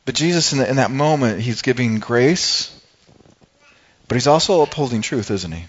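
Conversational preacher, dull lo-fi sound. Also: male voice, mid-range voice, lively intonation, moderate pace. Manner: conversational, asks the congregation questions. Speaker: pastor. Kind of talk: sermon.

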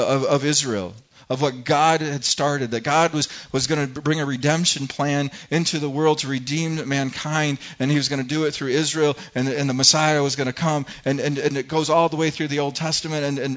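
Man, pastor, sermon, animated, repeats words, slightly muffled recording. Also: medium pitch. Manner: animated preaching, rising loud when quoting scripture, stumbling repeats.

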